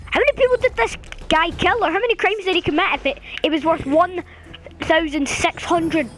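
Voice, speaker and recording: A woman's voice: very high voice, fairly quick, fairly bright tone. A woman giving casual running commentary while playing a video game, chatting and chanting commands at the screen. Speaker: gaming channel host. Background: game music.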